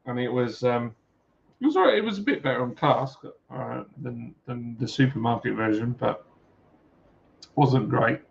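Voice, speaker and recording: A man with a Yorkshire accent hosting a livestream from home, chatting casually and jokily with viewers while reading comments over a beer. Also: mid-range voice. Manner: chatty, jokey, lots of filler "uh"s. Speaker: livestream host. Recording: dull lo-fi stream audio.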